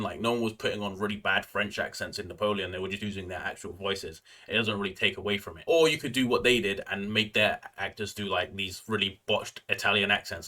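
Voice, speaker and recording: Fast-talking man ranting about movies. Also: fairly low pitch, bright, forceful tone. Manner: ranting, filler-heavy, frequent "like" and "bro". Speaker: movie reviewer. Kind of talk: casual opinionated review.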